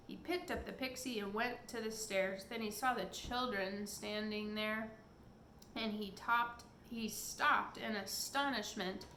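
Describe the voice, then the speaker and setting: A woman's voice: medium pitch, a little slow, pushed and bright, a little hiss or hum. A woman reading a children's story aloud in a casual way, in an echoey room. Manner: casual, stops to chat with someone nearby. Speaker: reader. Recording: echoey room with faint background.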